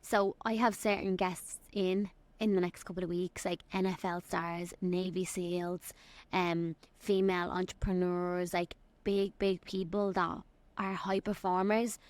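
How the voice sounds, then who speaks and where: A young woman from Dublin with an Irish accent, hosting a solo podcast and giving an excited, rambling life update. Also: fairly low pitch, a little slow, dry recording. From Ireland. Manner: excited, rambling, quotes people in little acted voices. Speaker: podcast host and fitness coach.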